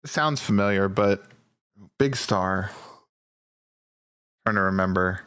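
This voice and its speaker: Lower-voiced man co-hosting, rambling. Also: fairly bright tone, clear, resonant tone. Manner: rambling, halting restarts. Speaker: podcast co-host. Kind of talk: casual chat. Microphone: headphones, remote call.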